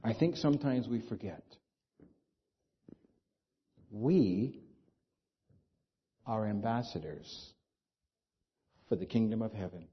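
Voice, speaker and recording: A husky-voiced man preaching, his pitch rising and falling with lively expression as he puts rhetorical questions to his listeners. The recording is dull and lo-fi. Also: slow, long pauses. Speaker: pastor. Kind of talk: sermon. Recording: dull lo-fi sound.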